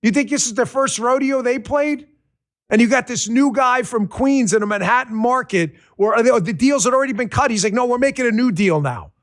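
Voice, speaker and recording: A middle-aged man, hosting a political podcast with an emphatic, animated storytelling manner. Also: extremely high pitch, normal speed. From New York. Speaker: podcast host. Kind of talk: political commentary monologue.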